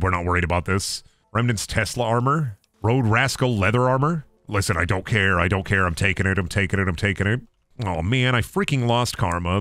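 Animated, excitable man streaming a game. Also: sits low, no echo. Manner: excitable, swearing, joking to himself. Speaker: gaming streamer. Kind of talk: casual gameplay commentary.

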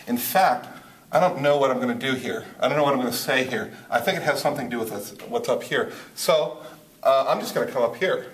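A man's voice: mid-range voice, brisk. A man teaching a poetry lesson at a board, thinking aloud with many restarts and fillers. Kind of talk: whiteboard lesson. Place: room with a board. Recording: roomy, from a distance.

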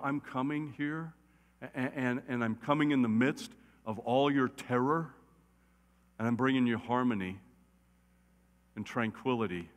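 A man preaching a conversational sermon as a pastor, animated and often checking in with "right?". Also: medium pitch. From United States. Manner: animated, repeatedly asks "right?". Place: church sanctuary. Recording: long church reverb.

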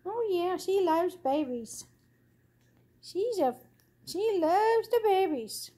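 A woman's voice: very high-pitched, expressive, slow, mellow. A woman cooing at her puppies in doting, sing-song baby talk. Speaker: dog owner filming her puppies.

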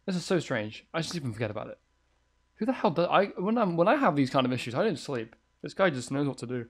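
A man's voice: fairly high pitch, sing-song, quick pace, husky. A man giving let's play commentary on a horror game, jumpy and thinking aloud, swearing often. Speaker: gamer playing a horror game.

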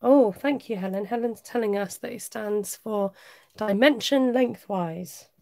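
A woman's voice: mid-range voice, a little slow, gravelly, no room sound. An English woman with a slight West Country twang, chatting and laughing with viewers while she works on a live craft stream. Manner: warm chatty, laughs often, talks while working. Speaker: craft livestream host.

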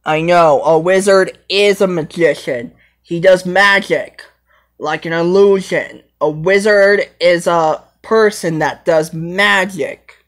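A brave young male lion played by a woman speaks in a lowish voice and drags his words out very slowly. He rambles and stops to hunt for words. It sounds like an amateur fan role-play. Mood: earnest. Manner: rambling, hesitant, halting.

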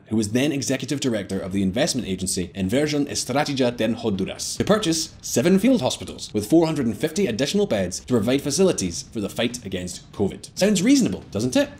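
A man's voice: mid-range voice, darkish tone. A man hosting a scripted political explainer, delivering it with wry, playful asides. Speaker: host. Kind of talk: scripted narration.

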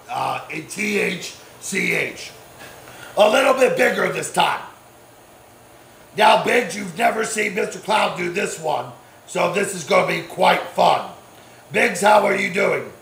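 A man's voice: high voice, measured pace, gravelly, fairly bright tone. A man casually vlogging inside a smoke shop, laid-back and swearing as he hypes the place. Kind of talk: casual vlog commentary. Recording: echoey shop room, faint background noise.

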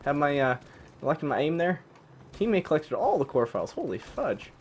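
Excitable young man yelling over gameplay. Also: a little high, normal speed, a little hiss or hum. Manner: excitable, yelps, swaps swears for "fudge". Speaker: gaming channel host. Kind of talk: live gameplay commentary.

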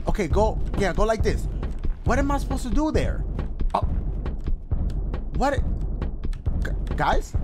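A man giving excited gameplay commentary, talking to his audience and yelping and shouting often. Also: high voice, background noise. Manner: loud, yelps and shouts often; talks to the audience as "guys". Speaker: gaming channel host.

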